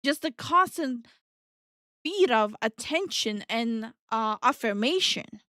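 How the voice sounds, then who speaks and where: Woman, exasperated reaction commentary, animated ranting, fairly high voice, dry close mic. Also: slow pace, dry recording. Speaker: VTuber co-host.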